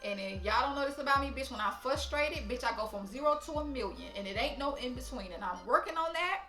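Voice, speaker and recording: A young woman telling a story to camera, blunt, profane and animated. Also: high voice, fast talker, roomy sound, soft background music. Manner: blunt, profane, animated, talks straight to viewers. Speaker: storytime vlogger.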